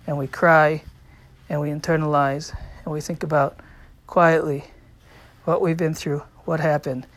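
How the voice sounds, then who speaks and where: A man teaching a religious lesson with a story, acting out the quotes with rising and falling volume. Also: a little high. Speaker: rabbi teaching. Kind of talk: Torah talk with a story.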